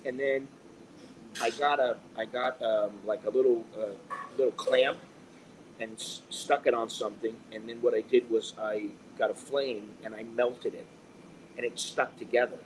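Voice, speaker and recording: American guy ranting at a cafe, swears a lot, keeps restarting, mid pitch, bit of cafe noise behind. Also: fairly even intonation, moderate pace, distant mic, low-quality recording. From United States. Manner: rambling, profane, restarts often. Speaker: vlogger. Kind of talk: casual chat.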